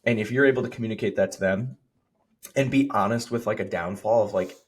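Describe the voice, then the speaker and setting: Husky, rambling male strength coach. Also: on the low side, quick pace. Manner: relaxed, rambling, heavy on "like". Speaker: strength coach, podcast co-host. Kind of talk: casual podcast chat.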